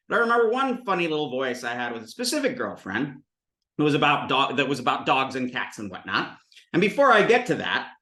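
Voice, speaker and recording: A man in his thirties giving a lively, digressive classroom lecture on Sanskrit, acting out voices for his examples. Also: sits high, echoey room. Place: classroom with students.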